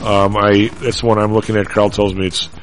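Fast-talking male market radio host. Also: fairly low pitch, little pitch movement, slight background noise, low-quality recording. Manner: thinks aloud while reading figures, stumbling over data. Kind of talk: casual market talk.

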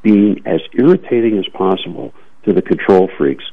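Low gravelly man on a tinny line. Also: lively intonation, moderate pace. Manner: emphatic, repeats words when starting sentences. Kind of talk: opinionated talk radio discussion. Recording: tinny phone-line sound.

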